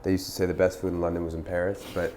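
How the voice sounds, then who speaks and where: A man in his thirties with a very low voice, speaking as a podcast guest. He rambles easily through anecdotes and gets animated at the punchlines. A faint ambient hum sits under the recording. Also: very fast. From United States. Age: 30s. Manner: relaxed, lots of fillers, animated when telling stories. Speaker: restaurant founder, podcast guest. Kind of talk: casual conversational storytelling.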